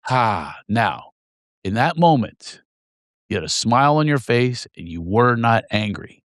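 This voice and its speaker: Animated man telling lively stories. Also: mid-range voice, moderate pace, no echo, studio quality. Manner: animated storyteller who acts out quotes and laughs often. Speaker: comedian and guest. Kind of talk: animated podcast conversation.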